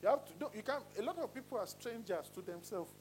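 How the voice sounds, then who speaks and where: Guy coaching singers, pretty high voice, jumps around in pitch a lot, faint hum behind. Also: quick pace, low-quality recording. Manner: animated, demonstrating voices with sudden pitch swings. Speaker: singing coach. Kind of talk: voice lesson to a class.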